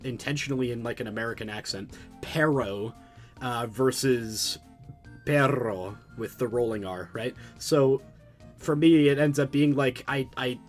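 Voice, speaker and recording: A man livestreaming, chatting loosely with his audience while he studies a language. He rambles, restarts his sentences and repeats words. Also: medium pitch. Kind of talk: casual chat with a live chat while studying a language.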